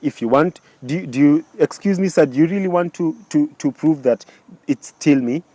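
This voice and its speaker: A man's voice: a little high, normal speed, mellow, dry recording, pitched above the performer's own voice, lightly acted. A man voicing an insistent woman who pleads and repeats herself in a raised voice. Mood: pleading.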